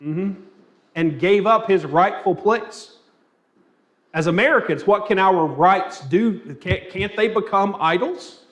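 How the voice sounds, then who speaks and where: Guy teaching sunday bible class, kinda high voice, keeps throwing questions at the room. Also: takes it slowly, a bit bright. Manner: asks the class questions, tells anecdotes with light humor. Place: church classroom.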